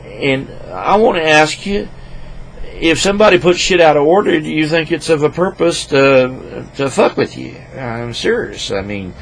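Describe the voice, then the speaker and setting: A man ranting crudely into a computer microphone at his home desk, rambling and swinging between loud outbursts and low mutters. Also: expressive, normal speed, gravelly, slight background noise, low-quality recording. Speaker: vlogger. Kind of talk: rambling profane rant to camera.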